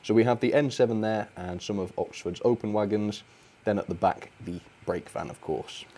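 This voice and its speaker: A man's voice: fairly low pitch, moderate pace, warm tone. A young man hosting a model railway live stream, chatting cheerfully and thanking viewers, with fillers and little laughs. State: a bit out of breath.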